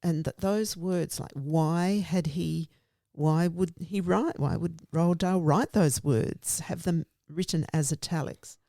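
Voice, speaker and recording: Woman teacher-trainer talking slow and earnest, warm low-ish voice, dry close sound. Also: dry recording. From Australia. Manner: earnest, emphatic, explains in lists. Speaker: literacy consultant, guest. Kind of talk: conversational explanation.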